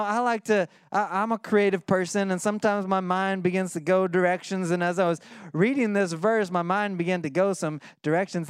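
A man preaching a conversational sermon to his church, dropping soft and intense when he reads scripture. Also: high voice, smooth, no room sound, clean studio sound. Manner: playful mock voices in asides. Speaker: pastor.

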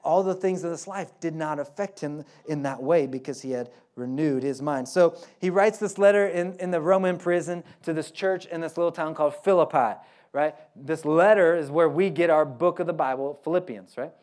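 High-voiced Oklahoman pastor preaching. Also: normal speed, darkish tone. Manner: folksy, joking asides, repeats key lines for emphasis. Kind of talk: sermon.

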